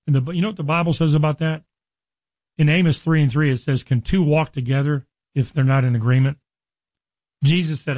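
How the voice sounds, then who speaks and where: Earnest preacher, dry close sound. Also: male voice, medium pitch, darkish tone, dry recording, rough recording. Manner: reads scripture slowly, then comments in a conversational, earnest tone; addresses listeners directly. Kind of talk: sermon with scripture reading.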